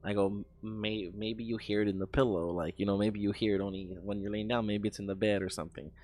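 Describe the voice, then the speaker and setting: A man's voice: lowish voice, level tone, a little fast, a little mellow. A young man casually telling a rambling story while editing video, swearing often and restarting his sentences. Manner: rambling, profane, with many restarts.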